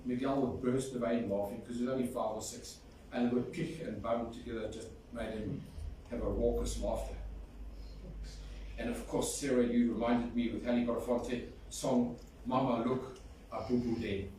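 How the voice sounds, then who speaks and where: A man gives a loving, anecdotal eulogy at a funeral, singing a folk song along the way; his mid-range voice is dark in tone, fairly even in intonation, and moderately paced. The sound comes from a distance in a large, echoey hall with faint noise.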